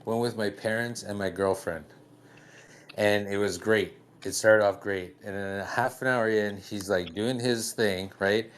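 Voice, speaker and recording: A man from Canada co-hosting a podcast, telling a story in casual chat with lively quoted reactions. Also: fairly low pitch, measured pace. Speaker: podcast co-host.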